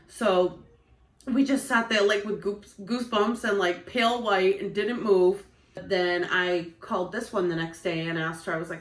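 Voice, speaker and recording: A middle-aged woman co-hosting a casual chat, telling a ghost story slowly and in detail at her kitchen table. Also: fairly low pitch, steady tone, reverberant, poor audio. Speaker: channel co-host.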